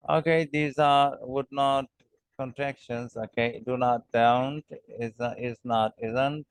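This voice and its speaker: A man at middle pitch teaching an English lesson, moving very slowly and deliberately through example sentences. He fills his pauses with "uh" and checks in with "okay?". The sound is dry and close, with no room echo. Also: fairly even intonation, clean tone.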